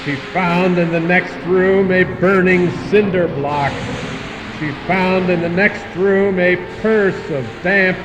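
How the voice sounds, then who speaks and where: Slow chanting man on old tape. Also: high-pitched, steady tone, roomy sound, distant mic, highs cut off, music in the background. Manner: slow, deliberate incantatory repetition. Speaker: poet. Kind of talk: poetry reading.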